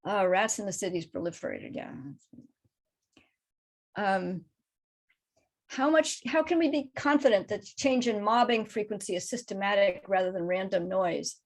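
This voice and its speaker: A woman's voice: mid-range voice, lively intonation, moderate pace, long pauses. A middle-aged woman, a crow researcher, answering audience questions after her talk over a video call in a thoughtful, explanatory way. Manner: thoughtful, explanatory, careful not to oversimplify. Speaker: crow researcher and guest speaker.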